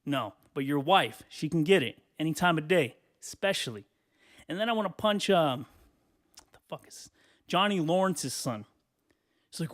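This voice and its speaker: A man in his twenties ranting on his own podcast, swearing freely in animated casual talk. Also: sits high. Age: 20s. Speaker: podcast host. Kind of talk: solo podcast rant.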